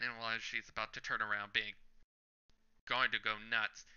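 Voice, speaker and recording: A man's voice: lowish voice, little pitch movement, normal speed, clean tone, dull audio. A man hosting a reaction channel, reading a manga chapter aloud panel by panel with his own commentary and chuckling at the jokes. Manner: narrates panel by panel, reading lines out loud.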